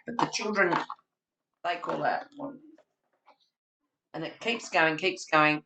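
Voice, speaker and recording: A woman's voice: sits low, unhurried, pauses often, background noise. A woman presenting a webinar for childcare educators, demonstrating storytelling with props and acting out story voices and sounds. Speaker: webinar presenter for family day care educators.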